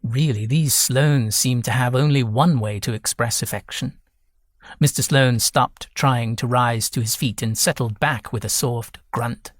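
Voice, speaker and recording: A man narrating a novel audiobook in a measured, even reading. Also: mid-range voice, no room sound, studio quality. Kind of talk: scripted narration.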